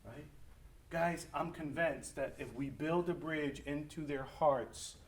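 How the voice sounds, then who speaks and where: A middle-aged man preaching as a pastor in a conversational, animated way, acting out family conversations. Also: fairly high pitch, slow. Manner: animated, acts out family dialogue. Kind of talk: conversational sermon talk. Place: church or school hall. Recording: echoey room, mic from a distance.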